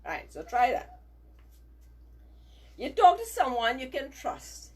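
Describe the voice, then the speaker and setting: Lively, husky-voiced woman teaching children. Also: high-pitched. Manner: slow, emphatic, asks children to repeat after her; frequent checking "right?". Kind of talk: children's values lesson.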